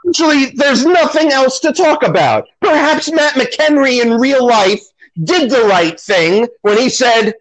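A man's voice: extremely high pitch, lively intonation, unhurried, poor audio. A man co-hosting a podcast in casual chat, sarcastic and self-deprecating, acting out what others said. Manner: sarcastic, self-deprecating, acts out quoted voices. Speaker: podcast co-host.

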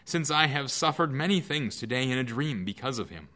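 A man reading the lines of a worried noblewoman, giving an urgent, slowed warning. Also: mid-range voice, animated, sharp tone.

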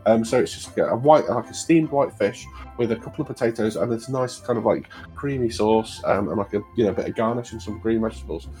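A man's voice: fairly low pitch, fast, few pauses, a little mellow, soft background music. A man narrating as game master of a tabletop game, rambling with frequent restarts. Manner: rambling, many fillers and restarts.

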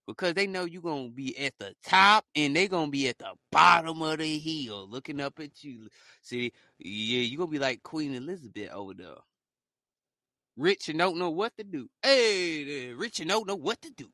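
A young man riffs through a casual motivational monologue, joking and laughing as he mocks the haters. His voice sits a little high and sounds bright and forward. The recording is dry and close. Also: expressive, normal speed, dry recording. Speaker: podcast host.

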